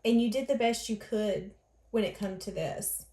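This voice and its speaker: A woman's voice: medium pitch, normal speed, mellow, reverberant. A woman giving an earnest, emotional tarot reading, voicing other people's thoughts in the first person. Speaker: tarot reader.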